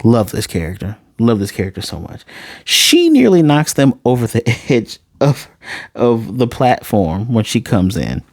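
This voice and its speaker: A man casually recapping and reviewing an anime episode, talking excitedly and rambling straight to his viewers. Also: mid-range voice, a little slow.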